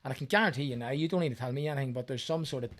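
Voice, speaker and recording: Male guest, mid-pitched, motivational and sweary. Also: rapid-fire, a bit bright. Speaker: podcast guest, runner. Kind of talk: casual chat.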